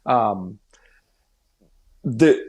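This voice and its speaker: A man's voice: lowish voice, expressive, very slow, darkish tone. A man co-hosting a hockey podcast, chatting casually and thinking aloud with frequent restarts. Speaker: podcast co-host. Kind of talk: casual sports chat.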